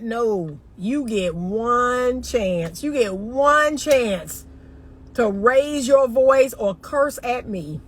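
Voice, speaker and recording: A woman's voice: fairly high pitch, lively intonation, drawn-out words. A middle-aged woman from the northern US, a dating coach chatting emphatically and directly to her viewers. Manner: emphatic, talks straight to viewers as y'all. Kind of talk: casual livestream chat.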